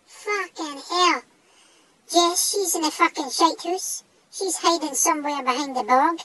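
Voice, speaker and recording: A man voicing a small, cocky, foul-mouthed male dog with a northeast Scottish accent, speaking in a high squeaky voice. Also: a little slow, sharp tone, exaggerated voice, poor audio. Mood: spooked. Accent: Scottish (northeast, Doric). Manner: sweary, blustering tough talk.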